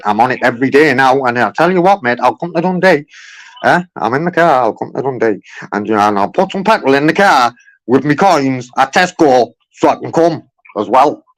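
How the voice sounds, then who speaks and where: A man in the middle of a heated phone complaint, pressing the same points over and over and tacking "mate" onto his sentences. His voice sits at an ordinary middle pitch, and he sounds fed up but dogged, calling from inside a car. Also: animated, brisk, rough recording. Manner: frustrated, repetitive, keeps saying mate. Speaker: complaining customer on a phone call.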